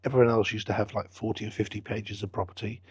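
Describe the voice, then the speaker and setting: A middle-aged man, a business founder telling his story in an interview with lively quoted dialogue. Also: on the low side, fast, breathy edge, dry recording. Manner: chatty anecdotal storyteller, acts out quoted dialogue. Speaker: business founder and football club owner, guest.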